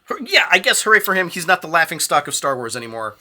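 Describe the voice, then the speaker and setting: A man's voice: a little high, big pitch swings, fast, pushed and bright. A man co-hosting a casual movie review chat, blunt and swearing, telling stories. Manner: swears freely, tells anecdotes, blunt opinions. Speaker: co-host of a movie review show.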